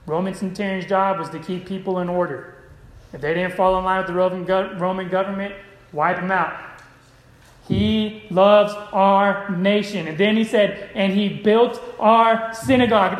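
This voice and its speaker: A man's voice: sits high, echoey room, rough recording. A man preaching a sermon, calling out to his congregation. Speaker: pastor.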